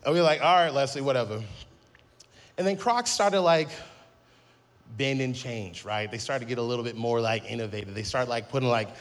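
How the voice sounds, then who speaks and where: A man's voice: medium pitch, brisk. A man in his thirties preaching a sermon, telling a funny story and acting out the quotes. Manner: lively storytelling with acted-out quotes and humor. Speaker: pastor.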